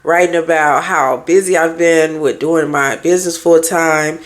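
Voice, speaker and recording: A woman's voice: low voice, fairly even intonation, measured pace. A woman therapist and life coach talking candidly in a casual podcast monologue, firing off rhetorical questions to her listeners.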